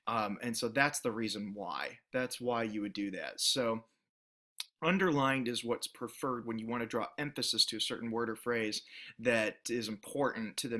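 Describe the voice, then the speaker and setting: Male instructor, bright tense voice, steady mid pitch, patient explanatory lecture with ums. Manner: explanatory, frequent fillers. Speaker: journalism instructor. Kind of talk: recorded classroom lecture.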